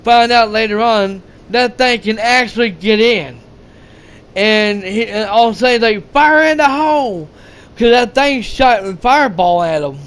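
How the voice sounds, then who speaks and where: A man retelling a movie's plot in a rambling, halting way, full of fillers, restarts and swearing, acting out the characters' lines. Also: high voice, a bit bright, clean tone. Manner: rambling, halting, many fillers and restarts, profane, acts out quotes. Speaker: movie reviewer. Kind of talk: rambling casual movie recap.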